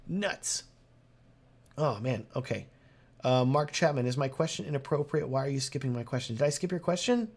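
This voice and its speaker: A man's voice: mid-range voice, fast. Chatty young man on a live stream. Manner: animated, talkative, reading comments aloud.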